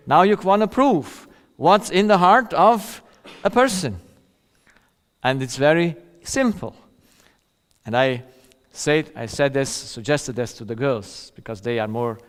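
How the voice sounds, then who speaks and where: A man's voice: mid-range voice, in a large hall. A man giving a seminar lecture in a conversational way, often checking in with "yeah?" and chuckling at his own stories. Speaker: seminar speaker.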